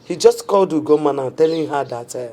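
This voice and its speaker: A woman's voice: deep voice, lively intonation, fast, warm tone, slight background noise. An actress playing a worried, reproachful middle-aged Nigerian mother. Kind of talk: Nollywood film acting.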